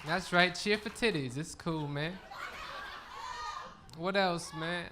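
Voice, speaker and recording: A man's voice: high voice, slow pace, noisy background. A man doing a crude, punchy stand-up comedy set on a live stage. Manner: punchy, crude, laid-back delivery. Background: audience laughter.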